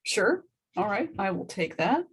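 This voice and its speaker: A woman at a tabletop game in casual play, speaking calmly and deliberately while she lays out her character's actions. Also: medium pitch, breathy edge. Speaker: player.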